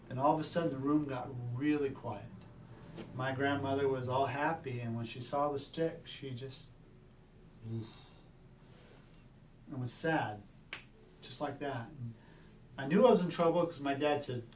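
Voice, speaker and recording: A man tells a personal story in an earnest, halting way, often restarting his sentences. His voice sits at a middle pitch and is picked up from a distance in an echoey room, with a faint hum of ambience behind him. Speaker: doctor.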